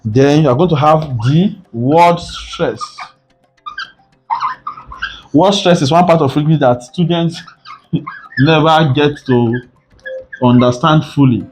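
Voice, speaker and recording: A man's voice: fairly high pitch, a little slow, slight background noise. Man tutoring, repeating key points. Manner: repetitive, rhetorical "what?" questions. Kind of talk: exam prep lesson.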